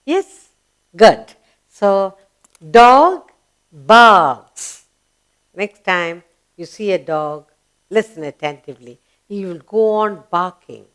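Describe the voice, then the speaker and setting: In a children's grammar lesson, a woman with a lowish, slow voice teaches young kids in an emphatic, coaxing classroom style. She poses questions, answers them herself, and spells words out letter by letter.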